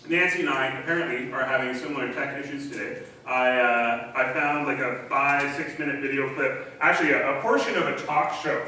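A man's voice: medium pitch, brisk, hardly any pauses, bright, forceful tone. A man preaching a sermon as pastor, in a casual, chatty way with frequent ums and restarts. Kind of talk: conversational sermon. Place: church sanctuary. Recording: very echoey hall, distant mic, faint hiss.

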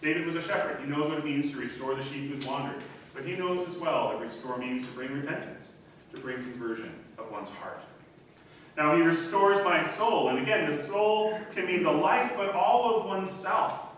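A man preaching a sermon as pastor, reading scripture aloud slowly and with emphasis. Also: fairly high pitch, a little hiss or hum. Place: church sanctuary. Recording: echoey church from a distance.

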